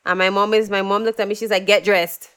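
A young woman, a singer being interviewed, telling stories in a lively way and acting out what people said. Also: mid-range voice, rapid-fire. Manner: animated storyteller, acts out quotes, laughs often. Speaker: guest, singer. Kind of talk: casual interview chat.

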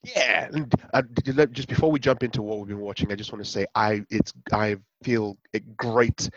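A male radio host with a raspy, somewhat low voice. He chats loosely, circling back and correcting himself. The sound is close and completely dry. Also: steady tone, normal speed, fairly bright tone, no echo, lo-fi sound. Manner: rambling, self-correcting. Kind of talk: casual radio chat. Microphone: video call.

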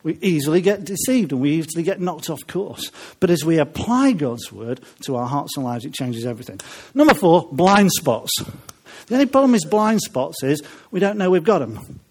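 Husky guy preaching, bit high voice, lots of jokey asides. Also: sing-song, moderate pace, darkish tone. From Welsh family. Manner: chatty, joking asides to the congregation. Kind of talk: humorous sermon.

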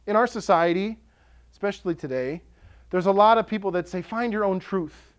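A male pastor delivers a sermon in a notably high voice. He preaches with passion, building to emphatic declarations. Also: moderate pace. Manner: impassioned, rising to emphatic declarations.

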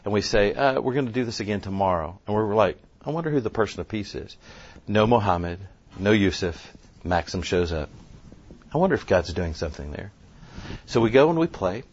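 A man speaking at a conference, telling a story in an animated way and quoting people as he goes. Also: on the low side, brisk, breathy edge. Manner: animated, tells the story with quoted voices. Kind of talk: storytelling talk. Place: conference room. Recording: dull lo-fi sound, faint noise.

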